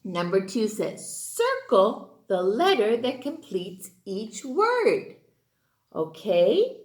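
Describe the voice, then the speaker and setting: A woman teaching a phonics lesson to young children in an animated, sing-song teacher voice, drawing out her words. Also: mid-range voice, slow. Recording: echoey room.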